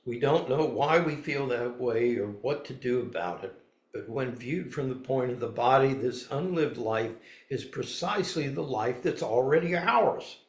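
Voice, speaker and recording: A man's voice: medium pitch, echoey room. A man giving a dharma talk as a spiritual teacher, blunt and folksy, moving between reading and emphatic asides.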